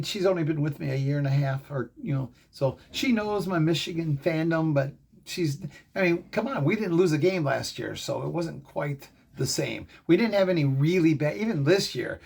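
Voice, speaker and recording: A middle-aged man hosting a fan show, telling a rambling, excitable story in casual commentary. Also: a little high, normal speed. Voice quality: gravelly, husky.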